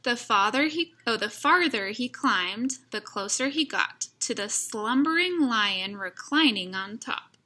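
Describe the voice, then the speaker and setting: A woman reads a rhyming picture book aloud and stops now and then to chat about the story. Her delivery is unhurried and gentle. Her voice is bright and sits a little high. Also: expressive, a little hiss or hum. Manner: gentle, slow, adds comments to listeners. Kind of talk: rhyming read-aloud narration with asides.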